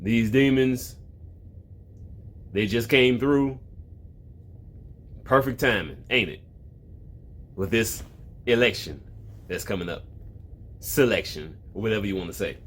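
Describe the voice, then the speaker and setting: A man rambles at home in loose, comedic commentary, full of swearing. He keeps losing his thread and drifting off-topic. His voice sits at an ordinary middle pitch. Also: unhurried, pauses often. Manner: loose, rambling, heavy swearing, often interrupted. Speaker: online video host. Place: at home, with a cat in the room.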